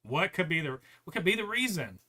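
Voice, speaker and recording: A man co-hosting a podcast, ranting in a profane, animated way with lots of restarts. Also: sits high, brisk. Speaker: podcast co-host. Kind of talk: casual podcast chat.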